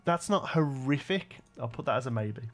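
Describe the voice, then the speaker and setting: Young male streamer, mid pitch, casual running commentary, answers chat, faint music underneath. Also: lively intonation, normal speed, a bit bright. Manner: thinks aloud, answers chat, frequent fillers. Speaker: live-streamer building in a park-building game.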